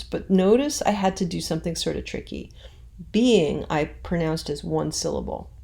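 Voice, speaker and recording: A woman teaching a recorded lesson in a relaxed, chatty way, with plenty of fillers and asides. Her voice sits fairly low and has a gravelly edge. She reads verse lines aloud and leans hard on the stressed beats. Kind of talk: recorded classroom lesson on poetic meter.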